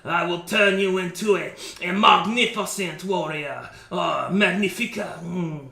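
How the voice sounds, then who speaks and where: A man's voice: sits high, measured pace, vocal fry, pushed and bright, reverberant, heavily acted. A man voicing a vain, flamboyant weapons master with a Southern accent, speaking in a fawning, theatrical way in a tabletop game.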